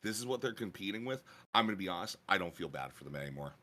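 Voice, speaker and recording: A man's voice: sits low, expressive, very fast, pushed and bright. A man on a debate panel, blunt and profane, full of slang, pushing back hard on the other side.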